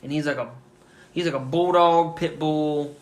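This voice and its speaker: A man's voice: fairly high pitch, fairly even intonation, moderate pace. A man co-hosting a podcast, chatting casually and profanely while telling stories. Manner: profane, storytelling. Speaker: podcast co-host. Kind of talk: casual chat. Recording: roomy echo.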